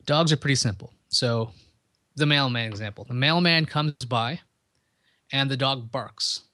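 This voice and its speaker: A man's voice: mid-range voice, a little slow, sharp tone, no room sound. Chatty male podcast host, dry sound. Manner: conversational, chatty, explains with examples. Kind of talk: casual explanatory monologue.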